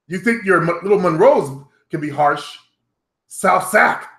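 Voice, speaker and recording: A man's voice: on the high side, animated, moderate pace. A middle-aged man vlogging at home, talking bluntly and profanely straight to his viewers in a loose, rambling monologue. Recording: roomy echo.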